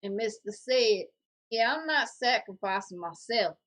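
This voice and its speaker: A woman co-hosting a casual podcast, reading viewer comments aloud in a jokey, animated way. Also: on the high side, a little slow.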